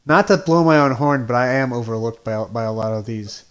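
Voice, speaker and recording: Casting note: young adult man, indie comics creator, mid-pitched, hesitant and rambling, lots of restarts. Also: brisk, smooth. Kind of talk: casual podcast chat.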